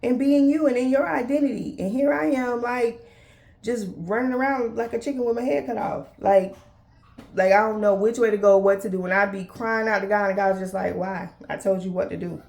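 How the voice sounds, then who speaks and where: A woman's voice: on the high side, fairly even intonation, fairly quick, creaky, a little mellow. A woman in her thirties hosting a faith-based talk, casually addressing listeners as y'all and acting out dialogue with God and others. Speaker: podcast host.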